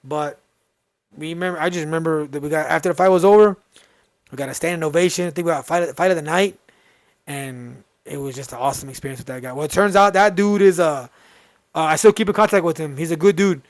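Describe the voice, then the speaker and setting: Animated Texan man telling a story. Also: on the high side, quick pace, dry recording, clean studio sound. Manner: animated, acts out quoted dialogue. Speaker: podcast host. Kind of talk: casual storytelling.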